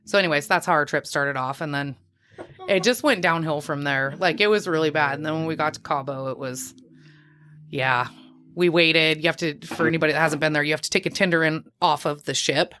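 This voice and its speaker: A woman's voice: sits low, fairly quick. Woman swearing her way through a wild story, chatty podcast guest in a packed little office. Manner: profane, lively anecdote teller. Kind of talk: casual storytelling. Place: crowded small office.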